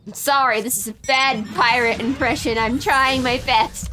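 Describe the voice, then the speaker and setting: A woman's voice: high voice, fairly even intonation, moderate pace, pushed and bright, soft background music. A woman streamer chatting casually and playfully while playing a game, self-mocking. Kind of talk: casual gaming stream chat.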